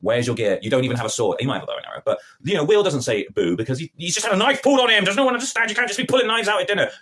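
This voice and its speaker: Exasperated and sarcastic, a film and TV reviewer rants to camera about an episode he dislikes, talking fast. His slangy retelling leaps up and down in pitch as he mocks the characters, keeping the rapid, lively tirade going the whole time.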